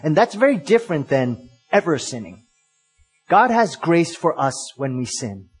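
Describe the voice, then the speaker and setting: A male pastor giving an earnest, emphatic sermon, pausing and restarting as he works through his points. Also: fairly high pitch, big pitch swings, soft background music.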